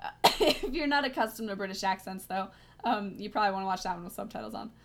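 A woman's voice: medium pitch, lively intonation, fast. A woman co-hosting a podcast in casual chat, teasing and laughing easily. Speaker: podcast co-host.

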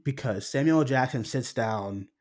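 A man's voice: mid-range voice, moderate pace, darkish tone. A young man co-hosting a film review podcast, telling a story animatedly, swearing freely and acting out his own reactions. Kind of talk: casual chat.

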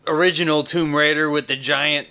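A man co-hosting a casual podcast, cracking crude jokes in quick asides. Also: a little high, steady tone, a crowd in the background.

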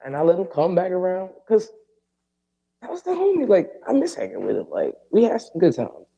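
A man hosting a podcast, telling a story in a casual, profane and animated way and acting out the dialogue. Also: sits high, fairly quick, gravelly, husky, dull audio. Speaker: podcast host.

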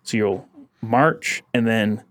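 A man co-hosting a podcast, telling a story in a casual, animated way and laughing often. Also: on the low side, takes it slowly. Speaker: podcast co-host.

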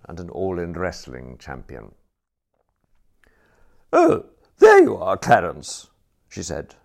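A man's voice: low voice, vocal fry. A man reading a comic novel aloud as narrator, telling it dryly and expressively. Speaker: audiobook narrator.

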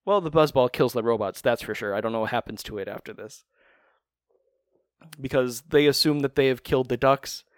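Male podcast co-host, clear and smooth, dry close-mic sound, rambling wry delivery with casual swearing. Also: mid-range voice, brisk, no echo. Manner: rambling, profane, wry recap storytelling. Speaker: podcast co-host recapping a cartoon. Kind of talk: casual chat.

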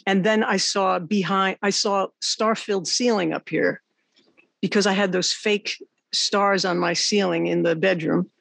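A woman hosting an interview, a songwriter and teacher, telling animated, rambling stories in casual chat. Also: mid-range voice, a little slow, vocal fry, husky, dry recording.

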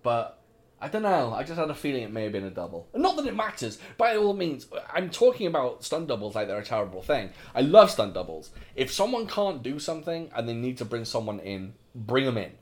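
A man's voice: medium pitch, sing-song, fairly quick. A man co-hosting a casual film podcast, chatty and opinionated, swearing now and then. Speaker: podcast co-host.

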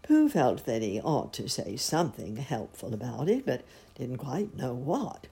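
A woman slowly reading a classic children's book aloud in a gentle storytelling way. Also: very deep voice, huge pitch swings, gravelly, husky. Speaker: storybook reader.

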